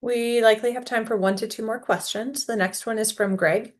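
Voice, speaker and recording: A woman moderating a virtual town hall, reading audience questions aloud in a plain, steady way. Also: on the high side, a little fast.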